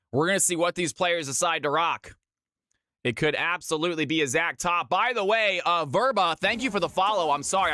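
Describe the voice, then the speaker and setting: Bright, upbeat man casting a game live. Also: a little high. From California. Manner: upbeat, chatty, talks straight to chat. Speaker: streamer and game caster. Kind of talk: live esports play-by-play commentary.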